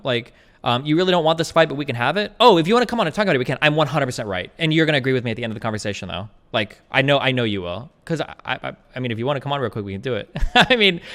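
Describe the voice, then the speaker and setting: Streamer guy debating fast, slightly high voice, keeps saying like. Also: a bit bright, big-room sound. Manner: argumentative, full of fillers like "like" and restarts. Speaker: streamer host.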